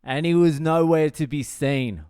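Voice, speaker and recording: A man talks through a comic story from his own life, swearing constantly in a wry, deadpan way. His voice is a touch high for a man, smooth and clear. It is recorded close and dry, with no room sound. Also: measured pace, no room sound. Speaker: comedian podcast host.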